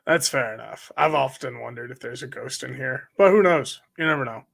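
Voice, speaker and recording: Easygoing podcast man, bright tone. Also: mid-range voice, brisk, gravelly. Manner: easygoing, playful banter. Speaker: podcast co-host. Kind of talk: casual podcast chat.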